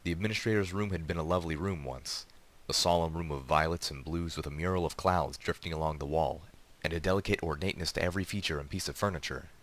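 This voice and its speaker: A man reads a story aloud in a steady, even voice. His pitch sits very low, and he holds a calm narrating pace. He reads alone as the narrator. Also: fast, few pauses. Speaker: reader. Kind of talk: reading a fan story aloud.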